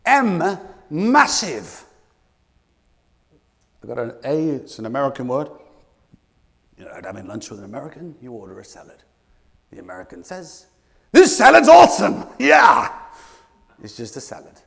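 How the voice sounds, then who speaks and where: A British man giving an energetic, playful motivational keynote as a leadership coach, calling out to the audience from a conference stage. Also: mid-range voice, moderate pace, gravelly, pauses often, big-room sound. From Britain.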